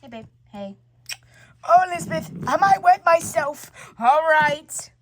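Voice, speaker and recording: Woman, high voice, animated pitch, switches character voices, homemade family role-play. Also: measured pace, a little hiss or hum. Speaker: storyteller voicing all characters.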